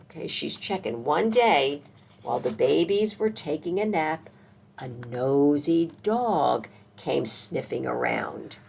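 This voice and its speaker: A woman librarian leading a children's story time, reading aloud slowly and gently, coaxing the kids to join in. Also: low-pitched, lively intonation, vocal fry, slight background noise.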